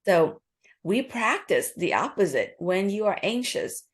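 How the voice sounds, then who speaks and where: A woman being interviewed as an author and nurse practitioner, explaining a calming method in a quick, earnest, instructive way. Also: mid-range voice. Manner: acts out inner voices in quoted asides.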